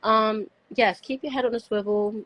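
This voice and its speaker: A woman's voice: a little high, fairly even intonation, moderate pace, a bit bright, rough recording. Chatty woman trading travel tips. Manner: chatty, fills talk with "like", acts out people in quotes. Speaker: co-host on a live talk show. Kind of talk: casual chat giving travel tips.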